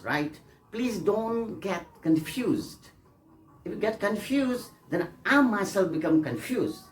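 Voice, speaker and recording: A man's voice: high voice, slight background noise. A man teaching an English pronunciation lesson, repeating examples and coaxing his students, often checking they follow. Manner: repetitive, coaxing, with frequent checks for understanding.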